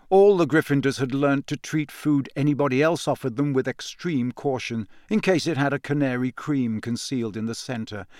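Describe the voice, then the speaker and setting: A man narrating an audiobook in a measured, even storytelling manner. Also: mid-range voice, dry recording. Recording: dry close studio sound.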